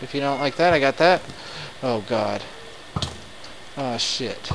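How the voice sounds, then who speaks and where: A man commenting live on his game, excitable and quick to swear in frustrated outbursts. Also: mid-range voice, noisy background. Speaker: let's play gamer.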